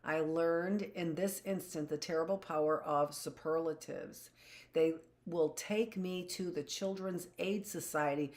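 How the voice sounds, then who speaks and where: A woman with a low voice reads a first-person novel aloud, the way a teacher reads to her class. Her delivery is steady, with the occasional stumble that she corrects and a quick aside of her own. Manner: steady reading with small slips and self-corrections.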